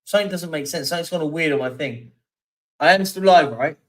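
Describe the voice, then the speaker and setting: A fast-talking man with a voice on the high side hosts a casual live stream, recorded from a distance. Rambling and chatty, he reads out football stats and viewer comments, peppering them with fillers.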